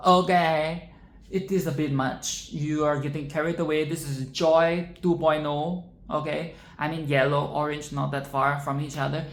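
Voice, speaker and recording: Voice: mid-range voice, level tone, moderate pace. Film reviewer rambling on, swearing a lot and being sarcastic, echoey room with a bit of background noise. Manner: rambling, playful and profane, with sarcastic asides. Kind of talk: casual film reaction commentary. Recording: roomy echo with faint background noise.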